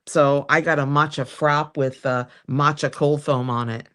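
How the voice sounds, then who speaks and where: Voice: medium pitch, fairly even intonation, a little slow, a bit bright. This is a livestream host in loose, casual conversation, rambling from one thing to the next. Sentences often trail off or restart partway through, in an easygoing, talkative way. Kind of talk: casual chat.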